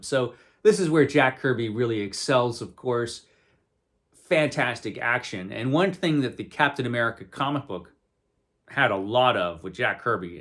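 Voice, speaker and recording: A man talks through a comic book in a relaxed, conversational way, drifting into wry asides. His pitch moves around a lot and stays animated. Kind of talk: casual spoken review.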